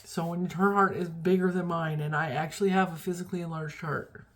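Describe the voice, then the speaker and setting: A woman's voice: on the low side, steady tone, fairly quick. A middle-aged woman vlogging in a rambling, chatty, self-deprecating way, tired and yawning as she talks. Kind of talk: casual chat.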